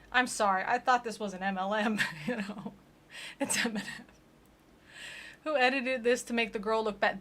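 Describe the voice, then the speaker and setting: A woman's voice: medium pitch, pushed and bright. A young woman streaming, giving sarcastic, joking commentary on a video and mocking the voices of the people in it. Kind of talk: casual reaction commentary.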